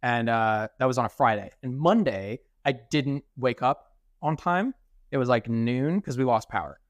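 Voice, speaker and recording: A man's voice: medium pitch, normal speed, dry recording. A young man co-hosting a podcast, telling stories in casual chat, swearing freely and acting out what people said. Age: young adult. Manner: swears freely and acts out quoted dialogue. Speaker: podcast co-host.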